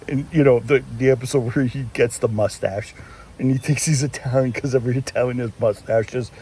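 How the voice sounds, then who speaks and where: A man in a casual walking vlog, rambling along with plenty of restarts. His voice sits mid-pitch and sounds soft and mellow, with a faint hiss behind it as he talks into a phone held outdoors. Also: steady tone, normal speed, long pauses. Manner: rambling, chatty, many restarts. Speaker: vlogger. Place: outdoors, walking through town. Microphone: handheld phone.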